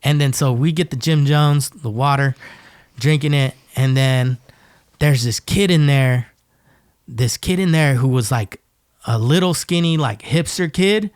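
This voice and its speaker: A man's voice: medium pitch, measured pace, clear, resonant tone, dry recording, clean studio sound. A man from Northern California telling jail stories as a podcast guest, swearing a lot and acting out the people in them. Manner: profane, animated, acts out voices in his stories. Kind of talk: casual storytelling.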